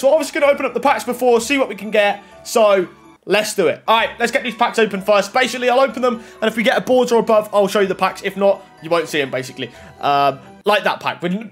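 A young man giving casual pack-opening commentary, swinging from muttering to excited shouting. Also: high voice, quick pace, faint music behind. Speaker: gaming YouTuber. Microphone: desk microphone.

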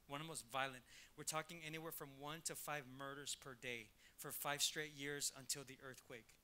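A man's voice: fairly high pitch, bright, forceful tone, a little hiss or hum. A man, a pastor, speaking to his congregation in an emphatic preacherly way, repeating points for stress. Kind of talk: talk to a congregation.

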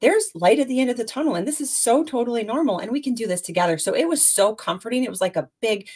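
A woman's voice: on the high side, lively intonation, quick pace, darkish tone, slightly rough. A woman in her forties hosting a casual podcast interview, bubbly and effusive, with plenty of fillers. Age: 40s. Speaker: podcast host.

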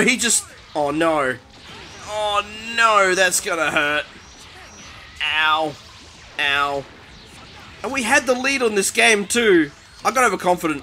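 A man giving live commentary over his own fighting-game match, excitable and quick to exclaim in alarm and poke fun at himself. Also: fairly high pitch. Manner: excitable, panicky exclamations and self-mocking. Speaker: gaming commentator.

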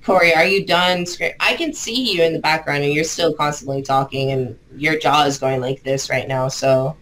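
A woman's voice: low-pitched, moderate pace, a bit bright, a little hiss or hum, poor audio. Stern female stream host, keeps order, repeats herself. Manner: firm, scolding, repeats herself. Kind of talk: moderating a livestream panel.

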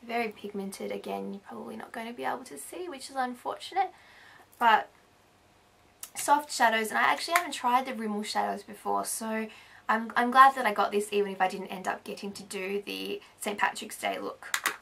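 Aussie girl rambling thru a makeup haul, kinda hoarse, bit of fry in her voice. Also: a little high, a little fast, fairly bright tone, a little hiss or hum. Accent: Australian. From Australia. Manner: chatty, rambling, self-correcting. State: losing her voice. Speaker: beauty vlogger. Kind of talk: casual haul video chat.

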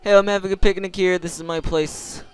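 A man voicing a pushy young female picnicker in a video game, talking in a shrill, rushed, indignant way. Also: steady tone, smooth, faint music behind, lightly acted, poor audio.

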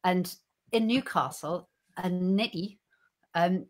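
A woman co-hosting a live online show, chatting and telling stories with a giggly, animated manner. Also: fairly low pitch, slow pace. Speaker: co-host. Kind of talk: casual banter and storytelling.

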